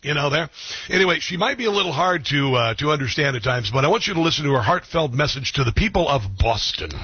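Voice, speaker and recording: A man's voice: fairly high pitch, animated, fast talker, husky, lo-fi sound. A male talk radio host giving opinionated commentary, mocking in tone and echoing guests' words back.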